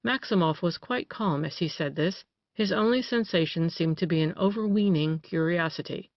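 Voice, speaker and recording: An audiobook narrator reading detective fiction in an even, measured manner. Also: mid-range voice, no room sound. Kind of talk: scripted narration. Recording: dry, dull lo-fi recording.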